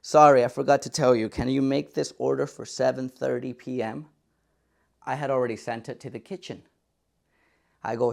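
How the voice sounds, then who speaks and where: A young man telling a personal story in a comic vlog, animated and acting out quotes in different voices. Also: mid-range voice, moderate pace, creaky. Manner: animated, acts out his own thoughts and other people in quoted voices.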